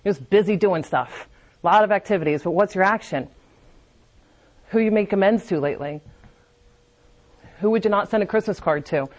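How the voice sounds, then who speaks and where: A woman's voice: medium pitch, normal speed, long pauses. Candid woman giving a testimony talk. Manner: candid, confessional, with frequent restarts. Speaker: speaker at a recovery meeting.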